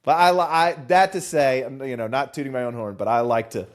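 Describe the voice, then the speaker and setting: A man from the Southern US with a mild Southern accent, co-hosting a casual podcast chat, animated and quick to laugh. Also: medium pitch. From Southern US, Charlotte. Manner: animated, laughs often, slips into voices. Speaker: podcast co-host.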